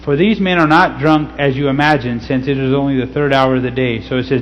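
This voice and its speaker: A man reading scripture slowly and teaching in a casual way, often checking in with "okay?". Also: medium pitch, steady tone. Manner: slow, deliberate scripture reading. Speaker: pastor. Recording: slightly dull recording with faint hum.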